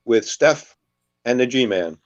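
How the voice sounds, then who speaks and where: A man of middle pitch tells jokes on a casual web show. He narrates in a relaxed storyteller's way and slips into the characters' lines. The recording sounds a bit dull and lo-fi. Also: takes it slowly. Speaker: co-host.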